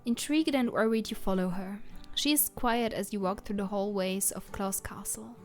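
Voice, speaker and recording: A woman's voice: mid-range voice, normal speed, few pauses, faint music behind. Woman reading a game aloud. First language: German. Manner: reads narration steadily, adds German asides. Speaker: let's player.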